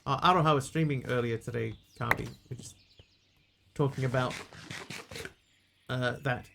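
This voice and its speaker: A man's voice: mid-range voice, normal speed, vocal fry, noisy background. A man playing a game on a live stream, chatting casually with viewers and yelping aloud whenever his character takes a hit.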